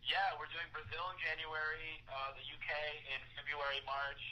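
A man's voice: on the high side, little pitch movement, normal speed, pushed and bright, poor audio. A young man, a touring musician, joking crudely and playfully as a guest on a live webcast. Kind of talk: casual crude banter.

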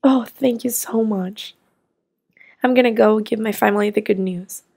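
A woman's voice: mid-range voice, steady tone, moderate pace, vocal fry, darkish tone, slightly rough, voice pushed down. A woman doing an upbeat toy-play dad. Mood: cheerful. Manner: eager and upbeat. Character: cheerful family dad on vacation.

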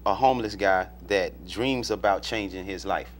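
A man's voice: sits low, moderate pace. A man from Alabama, a director telling stories in a casual interview, full of fillers and restarts. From Alabama, US South. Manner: rambling storyteller, many fillers and restarts. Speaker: film director and producer, guest.

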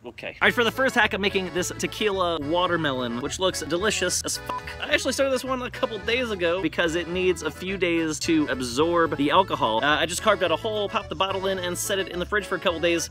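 A man hosting a casual comedic DIY video, swearing constantly and sarcastic, easily excited. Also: sits high, a little fast, few pauses. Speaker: host. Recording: echoey room with music underneath.

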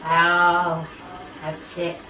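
A woman's voice: fairly low pitch, monotone, extremely slow. An elderly woman, taunting and cursing as she plays a video game, cackling between insults. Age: older. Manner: foul-mouthed, cackling, taunting. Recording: roomy, distant mic, noisy background.

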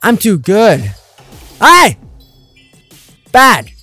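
An excitable male gamer jokes his way through play, his voice leaping up and down in loud outbursts. The recording is dry and close, with faint game music underneath. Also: high voice, extremely slow, slightly rough, no room sound. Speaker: gamer, channel host. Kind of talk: let's play commentary.

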